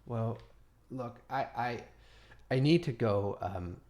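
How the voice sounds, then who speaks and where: A man voicing a touchy young female student who is quick to tears and then turns threatening. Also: medium pitch, a little mellow, voice pushed down. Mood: sulking.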